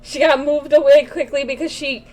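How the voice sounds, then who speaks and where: A woman's voice: sits high, steady tone, normal speed, a little mellow, faint music behind, low-quality recording. A young woman streaming a game, reading its narration aloud while chatting and cooing at her baby.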